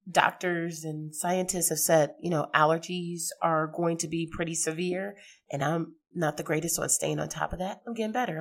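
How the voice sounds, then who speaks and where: Middle-aged woman, podcast host, hoarse, gravelly, chatty, rambling, lower voice. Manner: chatty and rambling, laughs easily. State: hoarse from a sinus infection. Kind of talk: casual podcast monologue.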